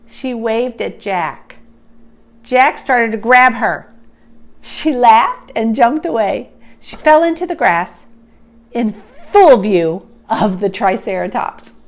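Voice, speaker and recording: A woman reading a children's chapter book aloud in a slow, deliberate storytelling manner. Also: a little high, expressive.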